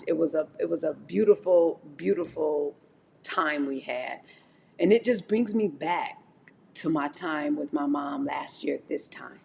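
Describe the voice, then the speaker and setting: Speaking directly to her chat, a middle-aged woman gives an animated, sermon-like pep talk about faith during a live stream. She has a low voice with vocal fry, and a slight hiss or hum sits underneath.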